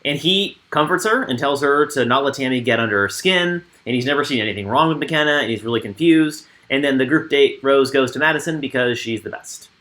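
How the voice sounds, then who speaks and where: A man's voice: medium pitch, animated, brisk, hardly any pauses, bright, forceful tone. A man co-hosting a casual recap show, reading from his notes and adding dry commentary. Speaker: co-host.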